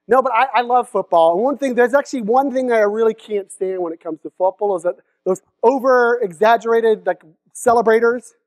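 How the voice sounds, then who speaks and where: A man's voice: sits high, no echo. A young man from the Seattle area giving a comedic keynote talk at a conference, joking with the crowd and acting out silly voices. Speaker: conference speaker. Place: conference hall stage.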